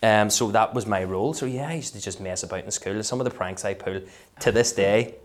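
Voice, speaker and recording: Belfast comedian with a low voice. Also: male voice, a little fast. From West Belfast, Northern Ireland. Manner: lively storyteller who slips into voices. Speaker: comedian, podcast guest. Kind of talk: casual interview chat.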